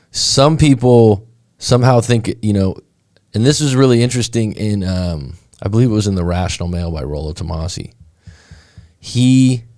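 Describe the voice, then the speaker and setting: A man's voice: fairly low pitch, warm tone, no echo, studio quality. A man coaching on a casual live stream, talking in a rambling, conversational way with many fillers and restarts. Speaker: breakup coach.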